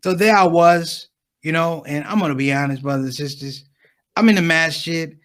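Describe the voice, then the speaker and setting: A man's voice: on the high side, moderate pace. A man doing stand-up comedy, talking straight to the crowd and acting out the people in his stories. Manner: animated, acts out others' voices, talks to the crowd.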